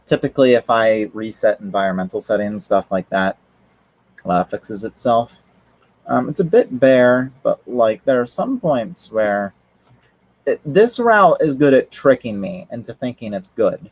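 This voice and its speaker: A man's voice: mid-range voice, animated, measured pace, no echo, low-quality recording. A man chatting casually on a livestream, rambling with lots of fillers and restarts. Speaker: streamer.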